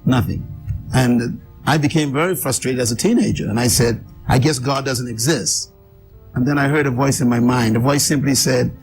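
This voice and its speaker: A man recounting his life story as an interview guest, emphatic, with repeated phrases and dramatic pauses. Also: medium pitch, music in the background, rough recording.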